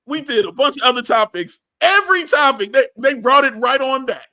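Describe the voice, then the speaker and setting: High, bright-voiced man ranting about basketball. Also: a little fast. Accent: Chicago. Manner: animated, ranting, repeats phrases for emphasis. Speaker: sports podcast co-host. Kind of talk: heated sports talk.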